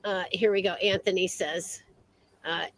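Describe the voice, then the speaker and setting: An American woman co-hosts a casual podcast chat in a lowish, steady voice, speaking a little slowly. She rambles, with many fillers and restarts, and the recording is rough.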